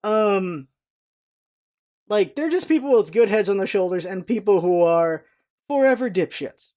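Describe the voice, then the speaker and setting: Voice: animated, measured pace, darkish tone. A vlogger in their thirties talking casually and at length, meandering from one thought to the next with frequent restarts. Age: 30s. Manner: chatty and meandering, with frequent restarts and jumps in pitch. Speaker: vlog host. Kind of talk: casual rambling vlog talk.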